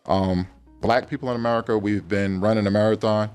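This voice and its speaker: A man arguing his point calmly in a debate. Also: on the low side, smooth, soft background music. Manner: calm, measured. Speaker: debate guest. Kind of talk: calm debate argument.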